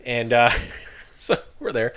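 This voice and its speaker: A man's voice: mid-range voice, slow, clean tone. A man, a retired army infantry veteran, telling stories on a podcast with lots of swearing and laughter. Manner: profane, laughing and animated while telling stories. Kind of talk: casual storytelling.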